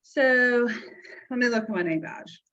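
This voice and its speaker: A woman's voice: a little high, animated, a little slow, a bit bright. A middle-aged woman, a hospital foundation director chatting casually as a guest, self-deprecating and talkative. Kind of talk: casual chat. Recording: dull, lo-fi remote audio.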